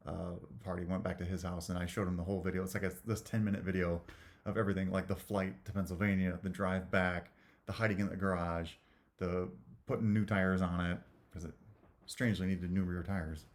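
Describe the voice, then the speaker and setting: A middle-aged man vlogging, telling a family surprise story in a casual, animated way with lots of fillers. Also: deep voice, a little fast. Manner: excited, animated retelling with fillers.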